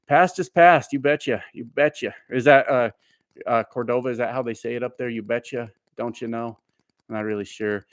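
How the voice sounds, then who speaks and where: A man's voice: medium pitch, dry recording. A man who drives trucks, chatting casually on a live stream from home, rambling with lots of fillers as he answers viewer comments.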